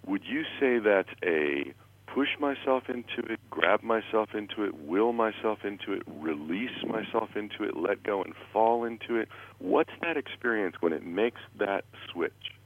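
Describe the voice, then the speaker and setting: A man's voice: on the low side, animated, measured pace, a little hiss or hum. A man hosting a radio interview, asking probing questions and running through lists of possible answers. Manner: probing, circles through a list of options. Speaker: radio host. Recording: dry tinny phone-line radio sound.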